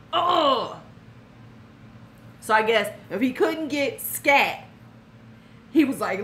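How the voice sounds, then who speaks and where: A woman's voice: high-pitched, animated, slow pace, long pauses, fairly bright tone, a little hiss or hum. A woman in her fifties hosting a live stream, telling a story in a frank, blunt way and talking to viewers by name.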